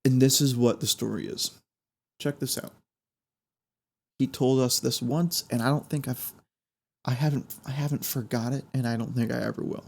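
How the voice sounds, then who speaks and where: A man hosting a podcast, telling a story in an animated way that builds suspense. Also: mid-range voice, normal speed, vocal fry, long pauses. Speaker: podcast host.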